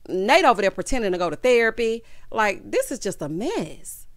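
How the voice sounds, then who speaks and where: A woman's voice: medium pitch, very animated, normal speed, no echo. A woman talks through a reality TV episode in a loose, sassy commentary style and calls her listeners honey and child. She sits in a middling register, and her voice comes across dry and close, with no room around it. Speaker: reality TV recap host. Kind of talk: casual commentary recap.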